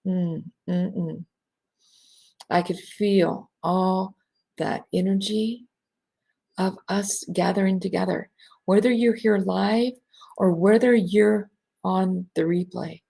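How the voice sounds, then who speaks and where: A woman hosting a live online session from home. She talks in a bubbly way, laughs often, speaks straight to her listeners and slows to a soft voice when guiding a breathing exercise. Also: mid-range voice, steady tone, vocal fry, slightly rough. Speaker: host of an online women's gathering. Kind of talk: live-streamed coaching talk with guided breathing.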